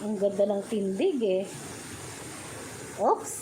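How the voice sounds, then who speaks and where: A woman's voice: a little high, lively intonation, slow, long pauses, darkish tone, slight background noise, low-quality recording. A woman vlogger chatting casually and talking sweetly to her pet birds in a coaxing, sing-song way. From Philippines. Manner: coaxing, sing-song baby talk to birds, mixing English and Tagalog.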